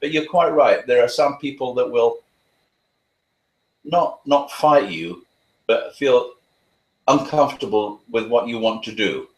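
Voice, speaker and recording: A man's voice: medium pitch, unhurried, pauses often. A man, a dog trainer answering interview questions in a chatty, anecdotal way with a playful, sarcastic streak. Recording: roomy echo.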